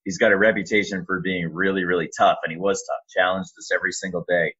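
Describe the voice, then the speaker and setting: This is a fast-talking man with a very deep, low, slightly rough voice, a guest on a casual podcast who works as an announcer and voice actor. Animated and storytelling, he performs the quotes as he goes. Audio quality is somewhat dull and lo-fi.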